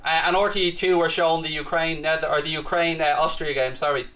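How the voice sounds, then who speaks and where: A man's voice: on the high side, steady tone, fast talker, fairly bright tone. An Irish man hosting a live stream, chatting casually and reading out viewer comments with cocky, teasing banter and mock bravado. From Ireland. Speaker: livestream host.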